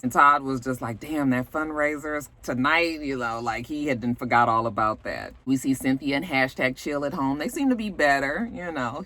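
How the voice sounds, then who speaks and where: Recapping a reality show, a young woman trades in gossip and sass, cursing freely and wandering into asides as she delivers blunt commentary. Her low-sitting voice has a fairly bright tone.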